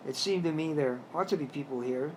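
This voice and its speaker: A man reads his own storybook tale aloud in a plain, slightly halting way, now and then restarting a word. His voice sits a little high for a man. A faint hiss lies under the recording. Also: rough recording. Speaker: narrator. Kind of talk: reading a self-written story aloud.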